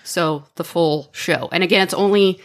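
Young woman, podcast co-host, casual and rambling, voice on the low side. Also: moderate pace. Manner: chatty, acts out quoted lines with raised pitch.

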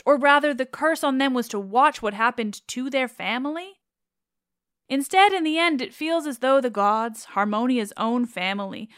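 Smooth-voiced woman presenting mythology. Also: a little high, fairly bright tone, no echo, clean studio sound. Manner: openly enthusiastic, affectionate about her subject. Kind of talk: informal mythology retelling.

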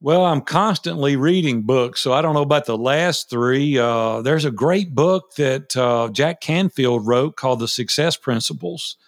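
A middle-aged man with a Southern drawl, a business owner being interviewed, folksy and quick to laugh as he tells stories. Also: mid-range voice, no echo, clean studio sound. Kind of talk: conversational interview.

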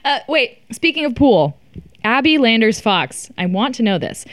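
A woman's voice: on the high side, big pitch swings, moderate pace, no room sound, clean studio sound. A woman hosting a casual interview, playful and laughing often as she reads out fan questions. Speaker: interview host.

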